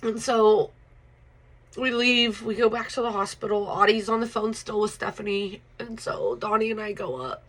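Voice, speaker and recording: Woman, casual storyteller, rambles with "like" and "um", blunt and unfiltered, mid-pitched voice. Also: moderate pace, rough recording. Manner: rambling, full of "like" and "um" fillers; blunt, swears freely.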